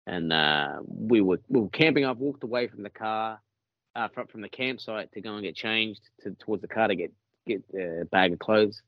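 An Australian man, a podcast guest, telling a story in a casual, animated way, swearing freely and laughing along. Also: on the low side, normal speed, dry recording. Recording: muffled lo-fi, dry.

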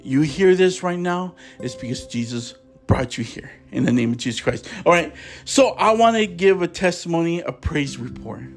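A man's voice: a little high, lively intonation, moderate pace, faint music behind. A man hosting a preaching podcast, speaking with passion and stumbling a little when he reads scripture aloud.

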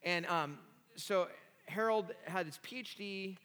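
A man pastor preaching an animated, self-deprecating sermon with many restarts in a church hall. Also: sits high, slow.

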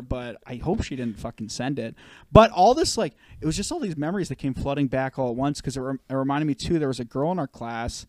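A man's voice: medium pitch, brisk, dry recording. A man in his thirties from Canada, co-hosting a podcast and telling long rambling stories full of swearing. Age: 30s. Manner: rambling, swears a lot, storytelling. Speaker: podcast co-host. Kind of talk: casual chat.

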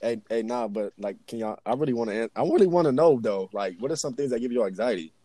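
Slangy guy chatting w friends, says bro constantly, very lively pitch, dead dry mic. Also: fast talker, no room sound. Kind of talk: casual chat.

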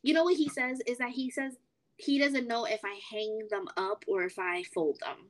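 A young woman co-hosting a podcast, chatting casually and acting out quotes in animated stories. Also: a little high, moderate pace. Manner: animated storytelling, acts out quotes. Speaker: podcast co-host. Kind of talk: casual chat.

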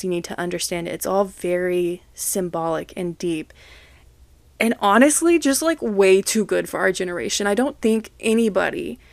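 A woman's voice: on the low side, creaky, no room sound. A young woman hosting a casual solo podcast, talking emotionally and gushing, swearing freely. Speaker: podcast host.

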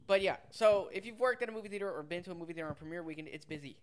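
A man's voice: high-pitched, very fast. A young man telling a work story in casual, profane chat as a podcast co-host. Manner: laid-back, swears casually, mimics customers.

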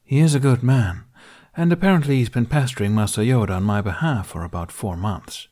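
A man's voice: medium pitch, a little fast, a little mellow, voice pushed up, close to an everyday voice. Man doing an earnest grown Jedi knight. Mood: warm. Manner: formal, earnest.

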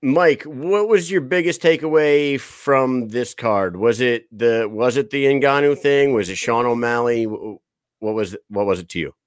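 A man's voice: mid-range voice, unhurried, clean tone, dry recording. Guy in his 30s hosting a podcast, cussing and laughing, dry close sound. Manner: loose, profane, laughs often. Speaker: podcast host. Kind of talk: casual podcast chat.

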